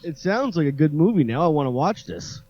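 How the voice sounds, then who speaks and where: A man's voice: on the high side, big pitch swings, a little fast, a little mellow. A man co-hosting a casual podcast, dropping in joking, teasing remarks. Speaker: podcast co-host. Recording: dry, dull lo-fi sound.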